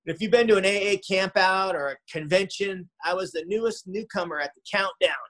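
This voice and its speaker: A man's voice: high voice, a little fast, fairly bright tone, rough recording. A man sharing his own recovery story in a conversational way, often adding "man" and "you know". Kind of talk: recovery talk testimony.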